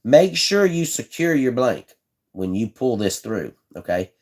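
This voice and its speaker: A man's voice: mid-range voice, very animated, measured pace, darkish tone. Laid-back man demonstrating a hands-on craft. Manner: chatty, repeats himself, talks to viewers in chat; laid-back, folksy phrasing. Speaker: livestream host building fishing rods. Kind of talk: casual live how-to demonstration.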